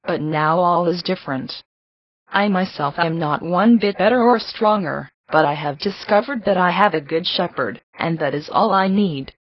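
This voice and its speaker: Woman, low husky voice, earnest devotional reading, dry dull lo-fi recording. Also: normal speed, dry recording. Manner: earnest, pleading, steady. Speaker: reader of a devotional text. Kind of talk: read devotional address.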